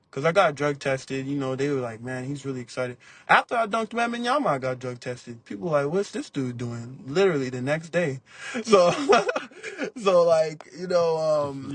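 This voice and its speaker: A young man talking casually as a podcast guest, telling stories in laid-back slang and acting out what people said. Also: fairly high pitch. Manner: animated storytelling, acts out quotes. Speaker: podcast guest, basketball player. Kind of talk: casual interview talk.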